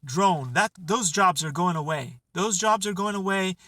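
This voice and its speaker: A man rants with heat and sarcasm. His voice is high and bright. He sits a little back from the mic, with faint noise behind him. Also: normal speed, no room sound, distant mic, low-quality recording. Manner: heated, sarcastic, repetitive ranting. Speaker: channel host. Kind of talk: political rant to camera.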